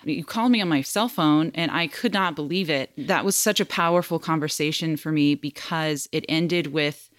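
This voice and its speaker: Low-voiced, heartfelt woman host. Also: moderate pace, hardly any pauses, no echo. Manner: earnest, heartfelt, close to tears. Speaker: podcast co-host. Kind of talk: podcast interview.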